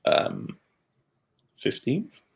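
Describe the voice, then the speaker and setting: A man co-hosting a casual football podcast, speaking bluntly and laughing at his own points. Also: drawn-out words. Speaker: podcast co-host.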